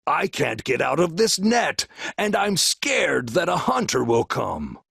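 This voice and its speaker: A man's voice: fairly high pitch, huge pitch swings, unhurried, gravelly, a bit bright, husky, no room sound, studio quality, heavily acted. A man voicing a proud, regal, boastful male lion in a recorded storybook reading. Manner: roaring, boastful.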